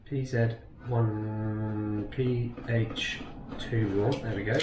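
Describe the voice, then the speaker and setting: A man's voice: fairly low pitch, fairly even intonation, slow pace. A man working as an electrician, giving joking, instructive banter while on the job in a bathroom. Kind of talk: casual on-the-job chat. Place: bathroom being renovated. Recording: echoey room, distant mic, noisy.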